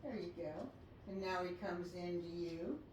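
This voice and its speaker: A woman dog trainer coaching a session, calmly instructing and breaking into high, excited praise for the dog. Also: a little slow. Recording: echoey, distant mic, faint noise.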